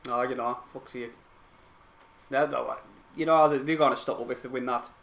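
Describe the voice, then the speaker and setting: Excitable lad commentating. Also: male voice, medium pitch, moderate pace, creaky. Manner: excitable, swears, chats with viewers. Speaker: football fan streamer commenting on a live match. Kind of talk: casual live match commentary.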